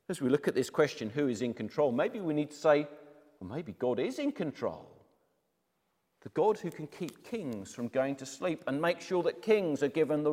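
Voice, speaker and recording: A man's voice: fairly high pitch, darkish tone. A man teaching a Bible lesson, retelling the story dramatically and speaking to his viewers directly. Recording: reverberant room.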